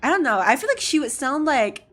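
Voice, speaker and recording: A young woman streamer with a high voice talks a little fast while gaming, soft music playing in the background. She's chatty and excitable, filling her casual talk with "like" and "I don't know".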